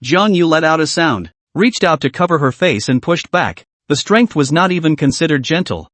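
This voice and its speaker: Male recap narrator, slightly high, lively pitch, dry close voice-over. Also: normal speed, hardly any pauses, no echo.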